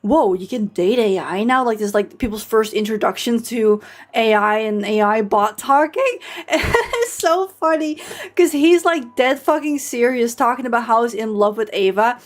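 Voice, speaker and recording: A woman's voice: a little high, moderate pace. A woman chatting casually while streaming a game, rambling with many fillers and swearing. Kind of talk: casual let's-play chat.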